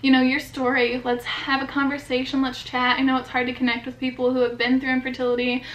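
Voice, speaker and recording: Young mom vlogging, high voice, heartfelt and chatty, echoey room. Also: female voice, completely flat delivery, quick pace, a little hiss or hum. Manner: earnest, heartfelt, filler-heavy talk. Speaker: vlogger and new mother. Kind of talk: personal vlog to camera.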